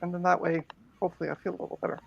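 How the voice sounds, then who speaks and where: A woman's voice: fairly low pitch, flat delivery, racing, creaky, breathy edge, no echo, muffled recording. A woman hosting her stream, chatting casually with guests on a voice call in a wry, teasing way. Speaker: streamer and host. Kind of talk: casual chat.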